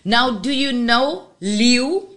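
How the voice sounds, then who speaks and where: A woman's voice: a little high, lively intonation, slow, fairly bright tone. A woman, a radio guest patiently explaining and teaching how words are pronounced. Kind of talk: explaining on a radio talk show.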